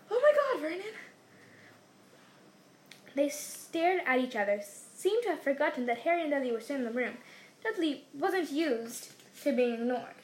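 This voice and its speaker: A woman reading a storybook aloud in an expressive storytelling manner. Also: high-pitched, slight background noise. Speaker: reader.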